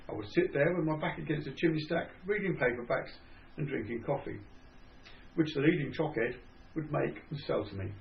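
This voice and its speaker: A man's voice: a little high, gravelly. Older man with a Cockney accent reading memoir. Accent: Cockney (Estuary). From England. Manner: measured, dry anecdotal storytelling. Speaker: author reading his memoir. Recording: dull lo-fi recording.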